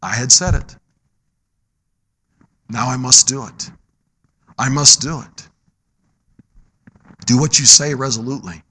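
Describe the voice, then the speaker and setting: A middle-aged man preaching a sermon, moving between loud, emphatic exhortation and low, quiet storytelling. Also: takes it slowly, long pauses, husky.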